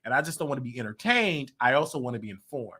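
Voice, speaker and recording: An American man hosting a livestream commentary show, chatting with viewers and clearing his throat often. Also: mid-range voice, sing-song, quick pace, sharp tone. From United States. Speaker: show host. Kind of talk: livestream commentary talking to the chat.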